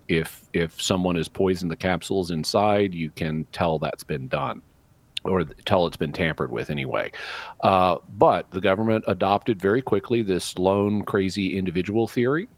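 A man on a call-in radio show, explaining answers to callers in a measured way, drawing out key words. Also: low voice. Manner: explanatory, measured, drawn-out stresses. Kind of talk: live call-in radio talk.

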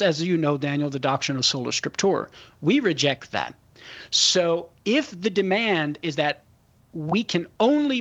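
A man's voice: fairly high pitch, a bit bright. A man answering a caller's question on a talk show, laying out his points methodically and in a friendly way. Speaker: Catholic apologist guest.

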